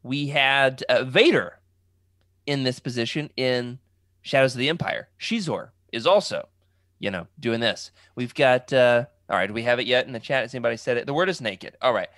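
A man's voice: mid-range voice, normal speed, a bit bright, no room sound. A man hosting a casual livestream podcast, joking around and reading out comments from the chat. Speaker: podcast host.

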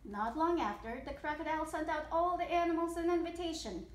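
High-voiced mother reading a story aloud. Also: fairly quick. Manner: expressive, animated storytelling. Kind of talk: children's story read-aloud. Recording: echoey room.

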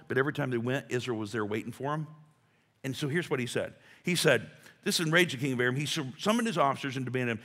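A pastor delivering a sermon in a conversational way, building to emphatic rhetorical questions. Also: male voice, mid-range voice, fairly bright tone. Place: church sanctuary. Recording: long hall reverb.

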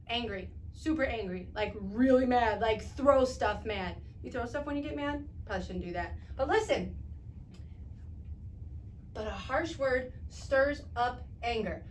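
Bubbly high-pitched woman teaching kids. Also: animated. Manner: bubbly, exaggerated, sings and shouts, talks fast. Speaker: children's ministry teacher. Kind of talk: energetic kids' Bible lesson to camera.

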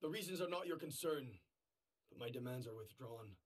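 A man's voice: medium pitch, lively intonation, a little fast, close to an everyday voice. An actor playing a proud male rival ruler in a strategy game, with a haughty, formal diplomatic delivery.

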